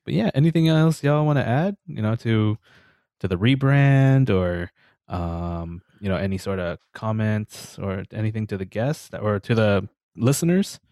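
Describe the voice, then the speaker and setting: A man with a fairly low voice co-hosts a podcast in relaxed, easygoing chat. He fills his sentences with "um" and "you know" and swears casually. The sound is dry and close. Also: normal speed, dry recording. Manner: relaxed, filler-heavy, leans on "you know" and "um"; laughs easily, swears casually. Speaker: podcast co-host.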